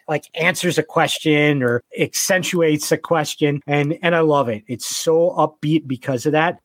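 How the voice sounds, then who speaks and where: A man with a somewhat high voice talks in a casual chat, eager and rambling, with plenty of "uh"s and restarts as he piles up one story after another. His voice is recorded dry and close, with no room sound. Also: dry recording. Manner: enthusiastic, rambling storyteller with many fillers.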